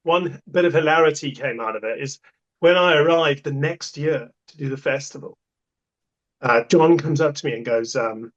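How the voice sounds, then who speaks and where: Podcast guest, man, slightly high voice, animated storyteller, dull lo-fi sound. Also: brisk. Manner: animated anecdote, acts out quoted voices. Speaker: guest, festival toilet contractor. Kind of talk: casual storytelling.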